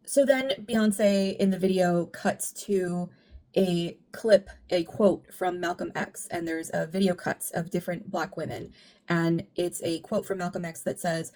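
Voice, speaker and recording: Woman doing an album breakdown vlog, slightly low voice, earnest and thoughtful, rushes ahead when she gets into it. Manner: earnest and reflective, speeding up when animated. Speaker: music commentary YouTuber. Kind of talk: casual analytical commentary.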